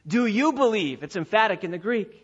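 A pastor delivering a sermon in a church, emphatic and repeating key phrases, slowing down to stress his points. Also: high-pitched, expressive, slightly rough. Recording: dull lo-fi recording.

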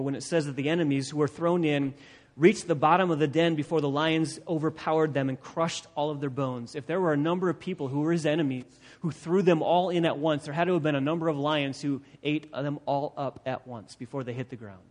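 Emphatic preacher in a reverberant hall. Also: male voice, a little high. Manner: emphatic, repeats phrases for stress. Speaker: pastor. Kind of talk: expository sermon. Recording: long reverb of a large hall.

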